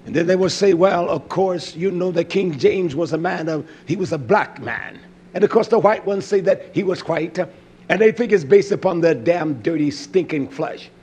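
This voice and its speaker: A man preaching a sermon, fiery, dropping to low mutters and rising to shouted lines. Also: normal speed, husky.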